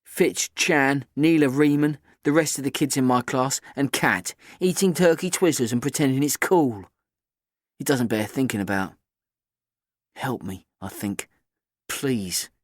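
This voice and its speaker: A man's voice: medium pitch, normal speed, no echo. Guy reading an audiobook first-person, glum and tense, dry close sound. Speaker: audiobook narrator. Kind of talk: scripted first-person narration.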